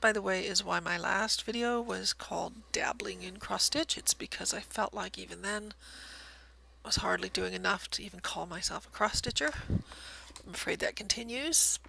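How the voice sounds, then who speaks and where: Woman, casual show-and-tell, gravelly fry, soft near-whispers, self-deprecating. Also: medium pitch, a little hiss or hum, rough recording. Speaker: cross stitch vlogger.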